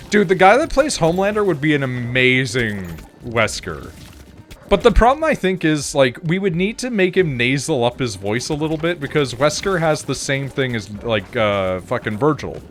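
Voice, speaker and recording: A man's voice: medium pitch, very animated, normal speed, a little hiss or hum. A man streaming a game, chatting casually in a rambling way, with frequent restarts, laughs and casual swearing. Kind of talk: casual chat while gaming.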